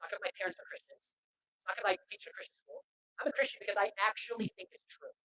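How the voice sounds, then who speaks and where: A man's voice: sits high, fast talker, poor audio. A man who speaks at Christian schools, giving a storytelling talk to students and acting out the quoted voices. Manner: animated, acts out quoted voices.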